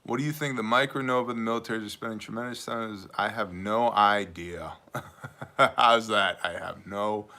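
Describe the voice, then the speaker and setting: A man's voice: fairly low pitch, steady tone, normal speed, pushed and bright. A man from New York hosting a casual livestream, joking and rambling through stories while answering chat questions. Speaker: livestream host.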